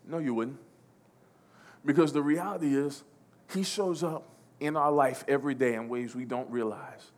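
A man preaching a sermon, emphatic and repetitive, swinging between loud declarations and hushed passages. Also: fairly high pitch, a little slow, long pauses.

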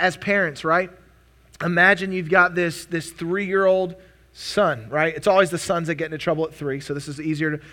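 A man's voice: high voice, bright, forceful tone. A man preaching a sermon as pastor, earnest and conversational, often restarting his words.

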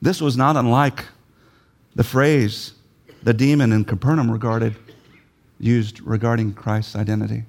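A man's voice: medium pitch, steady tone, unhurried, pauses often. A man preaching a sermon, emphatic, repeating key phrases and putting questions to his listeners.

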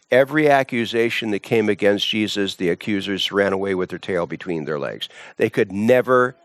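A man's voice: lowish voice, no echo, clean studio sound. A man teaching from the Bible, emphatic, often repeating words and restarting phrases.

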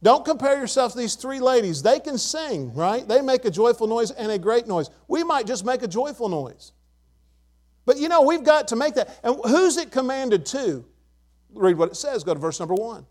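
An older man preaching a sermon to his church, emphatic and repeating key words. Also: very high voice. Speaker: pastor.

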